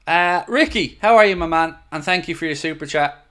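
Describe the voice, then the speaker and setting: A man's voice: fairly high pitch, fairly quick, bright, forceful tone. A man hosting a live fan stream, reading viewer messages and answering them in a frustrated, emphatic way, swearing now and then. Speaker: fan channel host.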